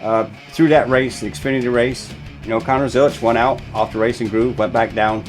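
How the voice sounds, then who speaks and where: A man's voice: mid-range voice, fairly even intonation, a little fast, soft background music. A man hosting a racing show, talking casually and emphatically, with lots of fillers and restarts. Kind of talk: casual commentary video.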